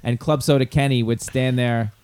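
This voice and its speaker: A man hosting a comedy podcast, chatting and telling animated road stories with frequent laughs. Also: medium pitch, moderate pace, clear, resonant tone. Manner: chatty, animated anecdote-teller who laughs often. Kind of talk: casual podcast chat.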